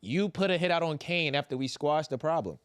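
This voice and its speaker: A young man talks fast and loose on a podcast, swearing and slipping into the characters' voices. His voice sits a bit high, and the sound is dry and close. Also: smooth, no room sound. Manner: animated, profane, acts out quotes. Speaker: podcast co-host. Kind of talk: casual recap chat.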